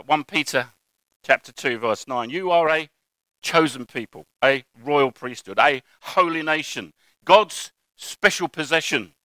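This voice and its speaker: Bright-voiced man preaching. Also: on the high side, smooth, dry recording, low-quality recording. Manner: conversational preaching with anecdotes. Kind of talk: sermon.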